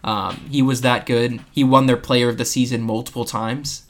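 A man's voice: medium pitch, fairly even intonation, moderate pace. A man co-hosting a casual sports podcast, talking in an earnest way full of ums and restarts. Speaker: podcast co-host.

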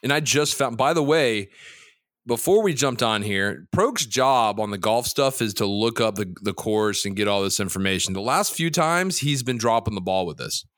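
A man's voice: lowish voice, lively intonation, normal speed, fairly bright tone, no room sound, clean studio sound. A man co-hosting a casual sports betting podcast, loose and profane, teasing his partner and jumping between topics. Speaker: podcast co-host.

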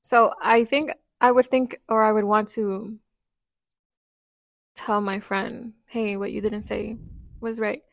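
A woman's voice: mid-range voice, flat delivery, takes it slowly, gravelly, dry recording. A young adult woman co-hosting a podcast in casual chat, thoughtful and hedging with lots of likes. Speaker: podcast co-host.

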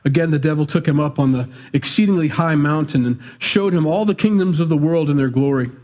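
A middle-aged male pastor preaching a conversational, animated sermon with asides. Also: fairly high pitch, a little fast.

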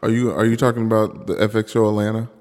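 A man co-hosting a podcast in casual chat, chiming in and quick to react. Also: lowish voice, level tone, a little mellow, long reverb tail. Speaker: podcast co-host.

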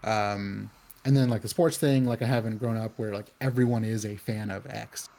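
A man's voice: on the low side, fairly even intonation, moderate pace, creaky, mellow. Rambling man in casual chat. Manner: rambling, many fillers and restarts; acts out quoted voices in anecdotes.

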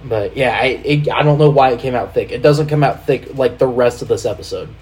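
A man hosting a casual podcast chat, animated, swearing freely and laughing while he directs the video playback. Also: mid-range voice, fairly quick. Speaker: podcast host.

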